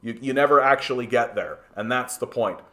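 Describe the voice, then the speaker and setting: With a medium-pitched, pushed, bright voice and a fairly quick pace, this Canadian man runs a political livestream. His commentary on chat is heated and full of swearing, with frequent stammered restarts.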